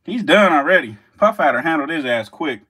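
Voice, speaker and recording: Brief: swearing, joking male vlogger with a handheld camera, lively voice that rises and falls. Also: on the high side, fairly quick, breathy edge. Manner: profane, joking, laughs at his own jokes; talks to the snakes and mice as he works. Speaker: snake keeper vlogger. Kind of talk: casual vlog talk to camera. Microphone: handheld camera, set down at times.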